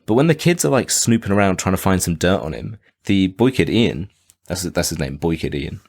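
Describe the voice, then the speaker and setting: A man co-hosting a podcast in casual chat about a film, animated and jokey. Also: low voice, a little fast, creaky. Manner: animated, jokey, quotes characters in silly voices. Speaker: podcast co-host.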